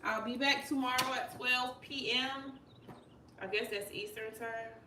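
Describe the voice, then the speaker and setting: Her voice on the high side and her tone steady, this tarot streamer speaks at a measured pace, casually and directly addressing her audience as "y'all." The sound comes from a distant mic in an echoey room with noticeable background noise.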